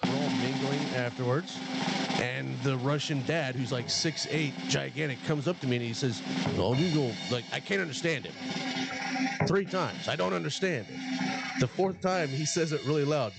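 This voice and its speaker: A man, a guest on a podcast, telling an animated story in casual chat and laughing often. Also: mid-range voice, normal speed, vocal fry, heavy background noise. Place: podcast studio.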